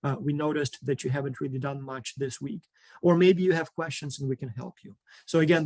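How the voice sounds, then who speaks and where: A man's voice: mid-range voice, no room sound. A man explaining a student project program in an online session, informal, with many fillers, listing items one by one.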